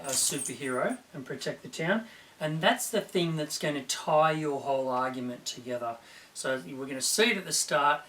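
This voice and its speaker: A man teaching a class by video, his voice sitting a little high for a man. He is encouraging and keeps pausing to clear his throat. He sounds a bit distant from the microphone. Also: a bit bright, slight background noise. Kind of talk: recorded video lesson for students.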